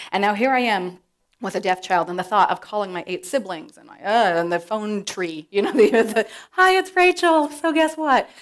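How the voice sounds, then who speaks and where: A middle-aged woman telling a personal story to an audience, animated and acting out the voices she quotes. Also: medium pitch. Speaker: presenter.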